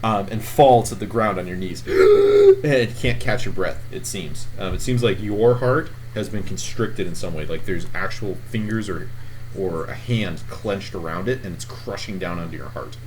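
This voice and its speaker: Low male game master, relaxed scene narration, faint noise behind. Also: moderate pace. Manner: relaxed, descriptive, filler-heavy narration.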